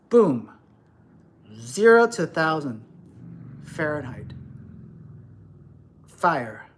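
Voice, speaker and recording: A man's voice: fairly high pitch, fairly bright tone, slightly rough. A middle-aged man ranting profanely and lecturing on a livestream. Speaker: livestream host. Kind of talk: livestream rant.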